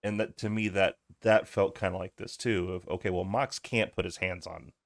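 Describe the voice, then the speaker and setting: A man's voice: sits low, fairly even intonation, moderate pace, vocal fry, no room sound, studio quality. A man co-hosting a podcast, chatting casually through a wrestling recap and quoting lines from the show. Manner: laid-back, quotes lines from the show. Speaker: podcast co-host.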